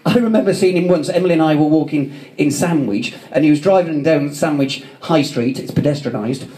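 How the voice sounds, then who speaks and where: A man's voice: fairly high pitch, fairly quick, dark tone. A man giving a chatty, joking memorial speech to a crowd in a theatre foyer. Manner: chatty, joking, self-mocking. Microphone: phone camera in the audience.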